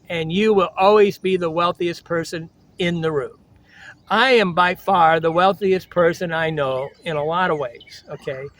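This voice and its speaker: An older man talks straight to his vlog audience in a high-pitched voice. His delivery is blunt and preachy, and he keeps circling back to the same catchphrases. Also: fairly bright tone. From United States. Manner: blunt, lecturing, repeats slogans. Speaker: travel vlogger. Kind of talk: blunt motivational monologue.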